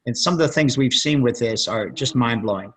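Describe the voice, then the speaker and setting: A man's voice: mid-range voice, fairly quick, a bit bright, husky, poor audio. A man, a plastic surgeon guest on a conference call, telling rambling stories and acting out what people said. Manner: rambling storyteller, acts out quotes.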